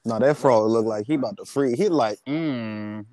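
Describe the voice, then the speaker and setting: Mellow laid-back man on a podcast. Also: medium pitch, normal speed, no echo. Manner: laid-back, teasing, slangy. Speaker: podcast co-host. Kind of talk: casual podcast chat.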